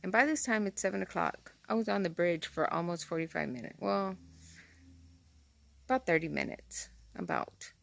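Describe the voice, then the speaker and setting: A woman vlogger telling a story straight to her viewers from inside a car, rambling and excitable. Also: fairly low pitch, moderate pace, gravelly. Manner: talks straight to viewers, rambling and excitable, says "freaking" a lot. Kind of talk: casual chatty storytelling to camera.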